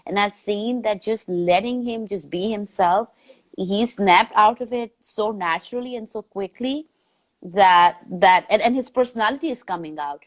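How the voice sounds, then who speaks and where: A woman in her thirties hosts a podcast in relaxed, everyday chat. She talks with feeling, trips over her own words and restarts often, and laughs easily. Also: mid-range voice, moderate pace. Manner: warm, chatty, laughs often, many restarts. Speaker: podcast host. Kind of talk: casual interview chat.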